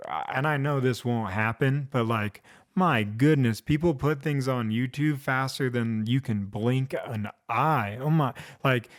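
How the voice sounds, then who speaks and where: Guy rambling thru a show recap, says like a lot, smooth clear voice, mid pitch. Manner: rambling, heavy use of "like", restarts. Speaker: vlog host. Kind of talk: casual one-take TV episode recap.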